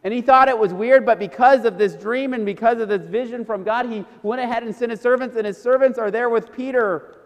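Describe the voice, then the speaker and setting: Pastor, male, high voice, casual storytelling sermon, echoing church. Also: brisk. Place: church sanctuary. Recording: church hall reverb.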